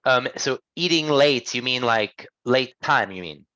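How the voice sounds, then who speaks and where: A man's voice: medium pitch, animated, a little slow, bright, forceful tone, dry recording, muffled recording. A man teaching an online English class, patient and encouraging, repeating and rephrasing answers for his students.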